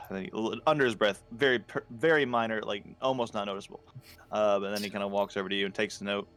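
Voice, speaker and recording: A man's voice: lowish voice, steady tone, fast, a bit bright, faint music behind. Easygoing man running a tabletop game. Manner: loose and filler-heavy. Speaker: game master.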